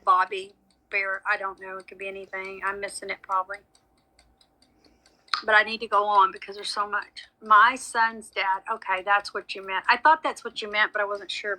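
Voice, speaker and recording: A woman's voice: medium pitch, flat delivery, brisk, sharp tone, poor audio. A woman giving a live psychic reading, chatty and frank with frequent apologies. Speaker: psychic medium. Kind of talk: live social media reading.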